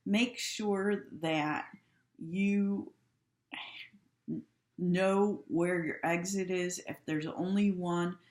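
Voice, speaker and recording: A woman with a low voice gives a calm training talk at an unhurried pace and stresses each rule twice. The recording is echoey, as if made in a bare room. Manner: calm, instructive, repeats key points. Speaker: healthcare trainer.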